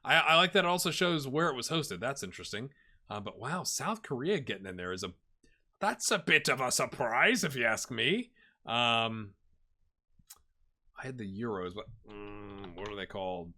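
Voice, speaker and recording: A man's voice: mid-range voice, sing-song, moderate pace, bright, forceful tone. A man giving casual video game commentary, chatting and thinking aloud as he looks through results, often reacting with surprise. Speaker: gaming YouTuber.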